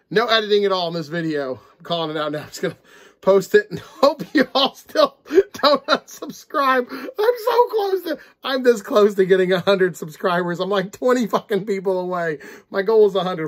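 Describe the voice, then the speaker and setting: A man in his thirties rambling through an unedited book review to camera, tired and prone to giggling. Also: high voice. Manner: rambling, easily breaks into giggles. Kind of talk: casual unedited video review.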